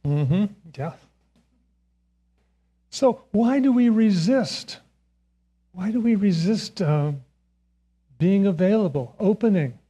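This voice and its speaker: A man's voice: sits high, warm tone. An older man giving a Sunday sermon in a church, telling a self-mocking story and chuckling often. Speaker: speaker giving the Sunday message. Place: church sanctuary.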